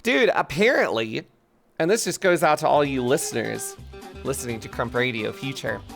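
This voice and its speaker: A man livestreams, rambling casually with viewers in a self-mocking, profane way while a faint music playlist plays behind him. His voice is medium-pitched, gravelly and a bit bright, animated, at normal speed.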